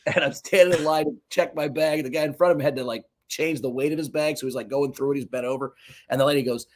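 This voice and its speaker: A man co-hosting a casual sports podcast, an animated storyteller who swears freely. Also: medium pitch, quick pace. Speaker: podcast co-host.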